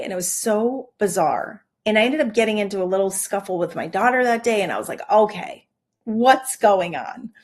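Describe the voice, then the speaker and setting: A middle-aged woman talks casually on her own podcast, her voice sitting in an ordinary middle range. She tells stories in a loose, animated way, full of fillers, and acts out what she said in quick asides. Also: mid-range voice. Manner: chatty, animated, many "like" fillers and quoted asides. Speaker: podcast host. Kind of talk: casual storytelling monologue.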